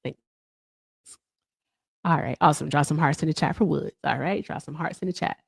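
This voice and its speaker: Woman streamer just chatting, kinda low voice, laughs a bunch, dry mic. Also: normal speed, vocal fry, breathy edge, no echo. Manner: chatty, laughs often, trails off. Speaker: livestream host. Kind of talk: casual livestream chat.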